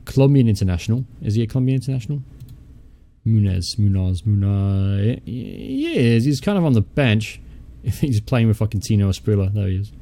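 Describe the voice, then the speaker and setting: A man's voice: mid-range voice, sing-song, fast talker, creaky, few pauses, mellow. A young man hosting a casual let's-play, chatty, thinking aloud as he goes, muttering and swearing offhandedly. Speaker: gaming channel host.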